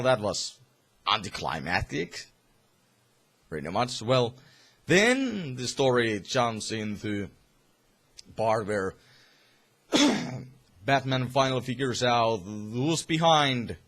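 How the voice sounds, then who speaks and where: A man's voice: fairly low pitch, a bit bright. A young man casually reviewing a comic, rambling with many fillers and some swearing.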